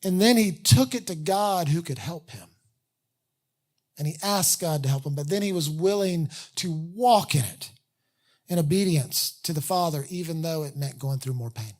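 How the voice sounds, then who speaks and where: A pastor preaching a sermon in a candid, conversational way, with self-deprecating asides and slowed, earnest emphasis on key phrases. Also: mid-range voice, a little mellow.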